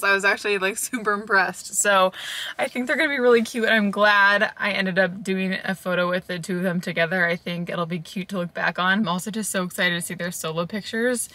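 A woman in her thirties talks to the camera in an easy, chatty way, laughing her way through stories of her household. Her voice is bright and forward, and the home recording has a roomy echo around it. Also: mid-range voice. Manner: chatty storytelling, often laughing. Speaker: vlogger. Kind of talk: casual chat to camera. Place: family home.

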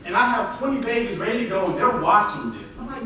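A man with a Southern US accent, an elementary school teacher, telling a story in a lively speech and acting out the lines he quotes. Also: fast talker, crowd noise. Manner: animated, acts out quotes with big pitch jumps. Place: large hall. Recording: echoey hall recording from far off.

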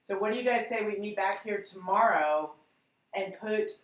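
A woman's voice: medium pitch, moderate pace, roomy sound, a little hiss or hum, poor audio. A woman teaching a live painting class, chatty and encouraging as she talks to her viewers. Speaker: art instructor.

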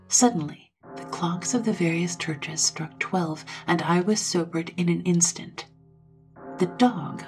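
A woman narrating a ghost story in a dramatic, scripted way, dropping to a hushed whisper at times. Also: lowish voice.

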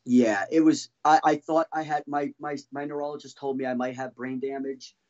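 A man telling his own story as a podcast guest, halting and restarting often as he talks. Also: mid-range voice, steady tone, darkish tone, highs cut off. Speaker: guest, former band drummer. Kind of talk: casual podcast interview storytelling.

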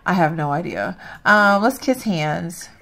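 A woman's voice: on the low side, animated, unhurried, fairly bright tone. A woman hosting a let's play, chatting to her viewers as she plays and laughing at herself. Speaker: gaming channel host.

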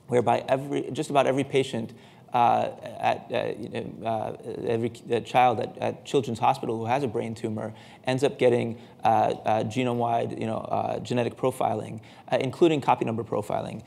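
Guy giving a science talk at a podium, keeps saying uh and um, a bit gravelly. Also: medium pitch, a little mellow. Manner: halting, many fillers and restarts. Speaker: scientific speaker. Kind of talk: conference talk. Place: lecture hall.

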